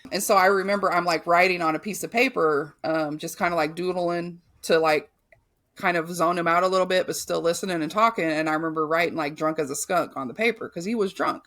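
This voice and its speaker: A woman's voice: fairly low pitch, fairly quick, a bit bright. A woman guest on a podcast, telling a painful personal story candidly and bluntly, with frequent swearing and filler words.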